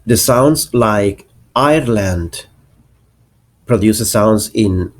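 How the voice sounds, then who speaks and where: Slow, low-voiced man teaching accents. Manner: slow, deliberate, spells out example words. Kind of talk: explanatory lesson narration.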